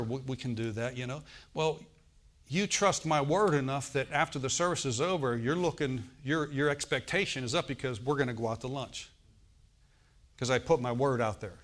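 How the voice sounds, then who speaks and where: A man of ordinary middle pitch preaching during a church service. He keeps a friendly, conversational manner, often asking for an "amen," chuckling now and then, and rising in volume when he stresses a point. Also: a bit bright. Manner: chuckles and rises in volume for emphasis. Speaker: pastor. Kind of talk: sermon.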